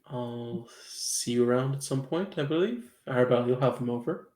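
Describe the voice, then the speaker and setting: A man voicing a stiff, imposing noble father who speaks formally and quietly. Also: medium pitch, moderate pace, close to an everyday voice. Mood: cool, formal. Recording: roomy echo.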